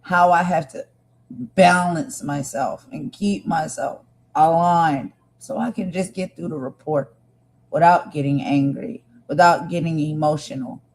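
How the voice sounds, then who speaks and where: A woman's voice: low voice, a little slow, a little mellow. A woman hosting a livestream, talking earnestly and with passion to her viewers. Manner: earnest, impassioned, talks to viewers directly. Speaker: livestream host. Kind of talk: emotional livestream commentary.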